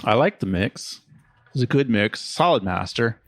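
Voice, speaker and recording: A man's voice: medium pitch, lively intonation, normal speed, no room sound. A man co-hosting a music review podcast who gives his critique thoughtfully and hesitantly, trailing off with fillers. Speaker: podcast co-host.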